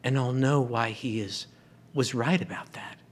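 A man's voice: medium pitch, fairly even intonation, unhurried, slight background noise. A man preaching a sermon, retelling a story and acting out the characters' lines.

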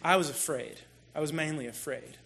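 Speaking from the pulpit, a church speaker with a high, crisp voice shares a personal story at a moderate pace. His telling is animated and self-deprecating, addressed directly to his listeners.

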